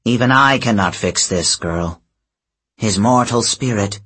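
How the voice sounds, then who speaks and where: A man reading the part of a proud, imperious goddess in stately, measured tones with a husky voice. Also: fairly low pitch, fairly bright tone. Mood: grave.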